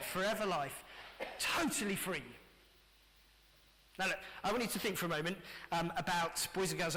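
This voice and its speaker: A middle-aged English pastor gives a lively family sermon and turns often to the children. His voice sits high and sounds bright and clear. The church's long reverb trails after his words. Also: a little hiss or hum. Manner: lively, addressing children directly.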